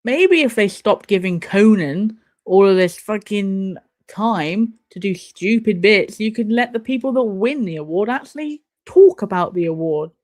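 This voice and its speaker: A woman's voice: medium pitch, lively intonation, a little slow, hardly any pauses, darkish tone. A young woman casually chatting and swearing while she watches an awards show live for her stream viewers. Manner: chatty, swears, laughs and banters at the screen. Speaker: streamer hosting a watch party.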